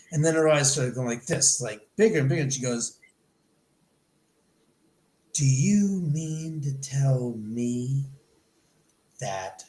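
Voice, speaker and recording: Middle-aged male guest, slightly high voice, animated storyteller, echoey room. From Los Angeles. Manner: animated, acts out quoted dialogue. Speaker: podcast guest. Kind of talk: storytelling in an interview.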